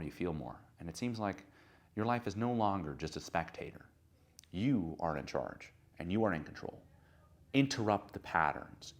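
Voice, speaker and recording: A young man coaching confidence in an emphatic motivational talk, building his lists up to loud crescendos. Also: low voice.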